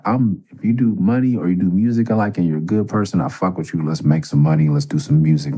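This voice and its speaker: Podcast host, middle-aged man, deep and husky, rambling and cursing through a story. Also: darkish tone. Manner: profane, rambling, conversational. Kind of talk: casual storytelling.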